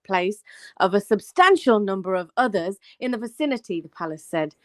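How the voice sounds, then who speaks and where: A woman's voice: mid-range voice, animated, normal speed, dry recording. A woman with a Birmingham accent on a casual live panel stream, reading a news article aloud with small slips and corrections.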